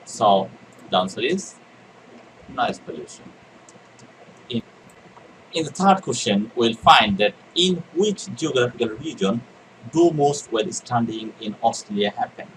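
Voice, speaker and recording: A man's voice: mid-range voice, animated, normal speed, fairly bright tone, distant mic, a little hiss or hum, low-quality recording. A man teaching an exam reading lecture, repeating key words and answering his own questions. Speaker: IELTS teacher. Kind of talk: recorded exam-prep lecture.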